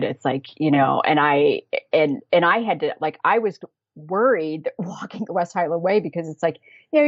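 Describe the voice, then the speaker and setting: A woman's voice: low voice, no echo. An American woman chatting as a guest in an interview, laughing often and trailing off in fillers and restarts. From United States. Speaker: podcast guest, travel planner. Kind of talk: casual interview chat. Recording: dull lo-fi dry sound.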